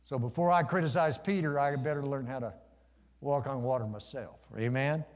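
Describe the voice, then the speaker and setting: A man's voice: mid-range voice, normal speed. A man preaching a sermon to his congregation in a folksy, conversational way, asking them questions and joking. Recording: long reverb of a large hall.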